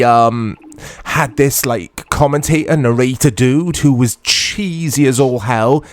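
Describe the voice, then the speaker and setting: A man hosting a retro gaming channel, giving chatty, self-deprecating commentary to viewers as he plays. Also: mid-range voice. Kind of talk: casual gameplay commentary.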